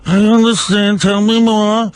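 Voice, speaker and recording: A man's voice: sits high, level tone, a little slow, clean tone, no echo. A man voicing an old male radio finance advice host, drawling and calling callers darling in a comedy impression. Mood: unctuous.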